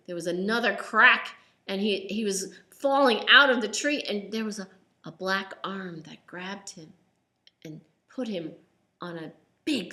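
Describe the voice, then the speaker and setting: A woman's voice: mid-range voice, bright, forceful tone. A woman telling a children's story aloud in a casual, unscripted way, with ums and restarts.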